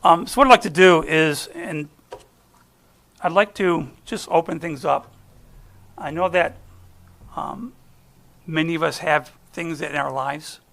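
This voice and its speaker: Speaking a little slowly with long pauses and some vocal fry, a middle-aged American guest speaker gives a conversational sermon built around personal stories. His pitch is fairly high and a bit bright, and his folksy, chatty delivery often trails off before he begins again.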